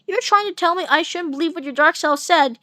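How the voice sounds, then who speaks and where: A woman reads out a menacing male villain in a homemade story reading. The threats come slow and taunting, in a very high voice. The sound is dry and close. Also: a bit bright, no echo. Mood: accusing. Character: menacing male villain who turns evil. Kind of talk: amateur fanfic reading.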